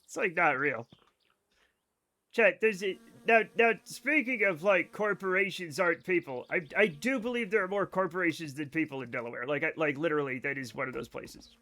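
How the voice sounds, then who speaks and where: A man with a mild Rhode Island accent, streaming a game and chatting casually with viewers, animated and swearing, stretching his vowels. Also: on the high side, brisk. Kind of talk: casual chat with viewers while gaming.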